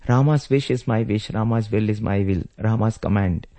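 A man voicing a devoted younger brother who pleads in a slow, earnest, emphatic way. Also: lowish voice, warm tone, natural voice. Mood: pleading.

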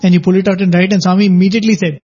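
A man's voice: high voice, flat delivery, racing, dark tone, slightly rough. A man in a spiritual discussion, telling anecdotes in a conversational way with many "you know"s. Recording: dull lo-fi recording.

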